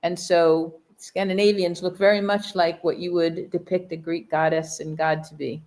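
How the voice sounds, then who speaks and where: A woman's voice: lowish voice, level tone, moderate pace, darkish tone. A woman co-hosting a podcast in casual conversation, enthusiastic and prone to speculative tangents. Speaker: podcast co-host.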